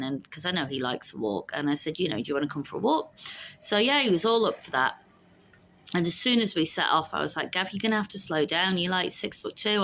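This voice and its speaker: Low-voiced woman in her fifties. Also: a bit bright. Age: 50s. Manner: chatty and frank, swears freely. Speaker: vlogger. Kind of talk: casual chat.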